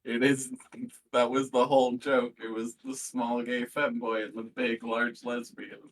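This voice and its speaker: A man's voice: mid-range voice, flat delivery, measured pace. A man playing in a tabletop game, joking and teasing in casual chat. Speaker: player. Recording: somewhat distant mic with faint noise.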